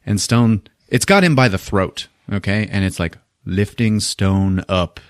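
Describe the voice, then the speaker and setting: A man's voice: on the low side, unhurried, smooth, dry recording, clean studio sound. A man hosting a podcast, casually recapping a film with profanity and funny acted-out voices. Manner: animated, profane, acts out scenes with funny voices. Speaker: podcast host. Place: podcast studio.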